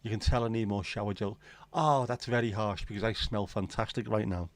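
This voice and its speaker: A man's voice: lowish voice, fairly even intonation, a little fast, no echo. A man hosting a casual livestream, rambling and joking with viewers and swearing casually. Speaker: livestream host. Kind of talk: casual chat reading viewer comments.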